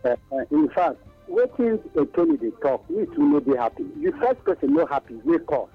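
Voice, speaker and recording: Gravelly Nigerian caller on a tinny line. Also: male voice, on the high side, very animated, moderate pace, soft background music. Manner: insistent, repeats lines. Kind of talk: phone-in complaint. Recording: tinny dry phone line.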